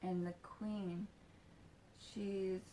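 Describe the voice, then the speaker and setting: A woman's voice: mid-range voice, level tone, drawn-out words, dark tone, a little hiss or hum. Woman in her 40s rambling thru a story, swears a lot, tons of likes and ums. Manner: rambling, lots of fillers and swearing. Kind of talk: casual storytelling.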